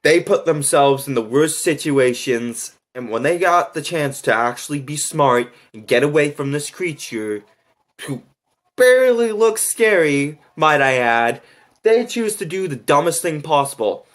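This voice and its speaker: A man's voice: on the high side, very animated, unhurried, fairly bright tone. A man reacting to and reviewing a movie, ranting in an exasperated way with constant swearing.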